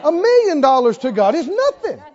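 A man's voice: very high-pitched, sing-song, moderate pace, darkish tone, muffled recording, a faint crowd. A man preaching a sermon, acting out the story's voices with energy and laughing along.

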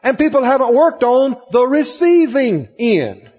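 Delivering a sermon, a man hammers his point through emphatic repetition and keeps pressing questions on his congregation. His high voice carries a husky edge, swings widely in pitch, moves at a measured pace and sounds a little mellow. The muffled recording rings with long reverb from the church hall.

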